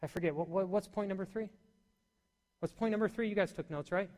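A man preaching a sermon to a congregation, animated and full of questions to his listeners. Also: sits high, a little fast. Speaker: pastor. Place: church hall. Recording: long hall reverb.

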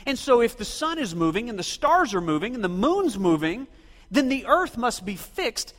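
High-voiced, lively preacher in a reverberant church. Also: male voice, normal speed. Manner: rhetorical, quizzes and directs the congregation. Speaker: pastor. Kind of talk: sermon. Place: church sanctuary. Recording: long reverb of a church hall.

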